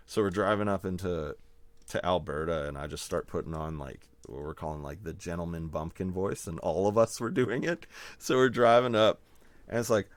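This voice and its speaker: A man from Manitoba, Canada, chats as a guest, rambling through animated stories and laughing often. His voice sits low, and the recording is dry with little room sound. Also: brisk, dry recording. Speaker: guest musician. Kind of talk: casual storytelling chat.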